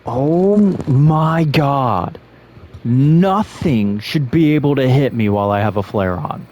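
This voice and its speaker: A man's voice: mid-range voice, lively intonation, slow pace, darkish tone. A man playing a video game and commenting, exasperated and swearing as he rants at the game. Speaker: gaming streamer. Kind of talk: frustrated let's-play commentary.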